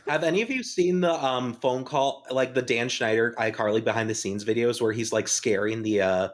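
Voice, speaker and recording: Halting, mid-pitched podcast co-host. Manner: halting, full of fillers. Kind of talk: casual chat.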